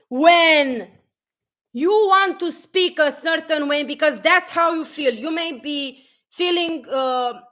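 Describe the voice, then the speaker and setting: Slow, high-voiced woman preaching bluntly. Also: a bit bright. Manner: blunt and preachy, restarts sentences, swears casually. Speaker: motivational speaker. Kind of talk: unscripted motivational live stream.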